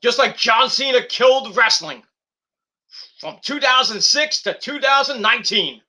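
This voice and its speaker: A man's voice: extremely high pitch, lively intonation, a little slow, sharp tone. A young man hosting a wrestling review, ranting heatedly and swearing a lot.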